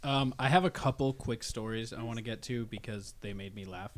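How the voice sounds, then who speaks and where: A man's voice: medium pitch, brisk, a little hiss or hum. A man co-hosting a casual podcast, telling a funny story with laughter and acting out both sides of the dialogue. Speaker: podcast co-host.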